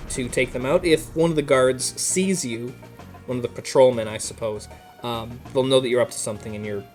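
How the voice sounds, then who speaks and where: Laid-back male gamer with a mid-range voice, chatty and meandering, over quiet game music. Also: mid-range voice. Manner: relaxed, rambling, many fillers and laughs. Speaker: let's play host. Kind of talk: casual gameplay commentary.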